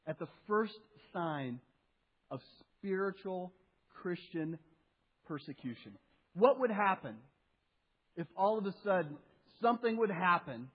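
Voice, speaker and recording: A pastor preaches with lively animation, slipping into the voices of the people he quotes and circling back over his own phrases. His voice sits high and a little husky. The recording is muffled and lo-fi. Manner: animated, acts out quoted speech, repeats phrases. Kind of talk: sermon.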